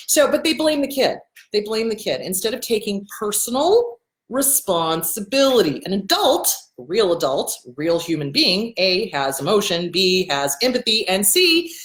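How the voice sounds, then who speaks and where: Blunt, lively woman in an echoey room. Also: medium pitch. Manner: blunt, emphatic and profane, repeats words for stress. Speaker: host and therapist. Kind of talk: casual advice monologue.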